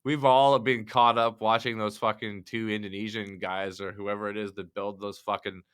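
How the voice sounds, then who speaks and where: A man co-hosting a podcast in casual chat, talking in a laid-back way with halting restarts. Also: fairly low pitch, flat delivery, fairly bright tone, smooth. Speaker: podcast co-host.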